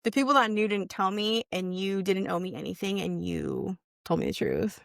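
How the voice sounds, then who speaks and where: Gravelly young woman telling a story. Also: mid-range voice, sing-song, moderate pace, no room sound, clean studio sound. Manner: candid, heavy swearing, acts out quoted lines. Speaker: podcast guest. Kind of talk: casual storytelling chat.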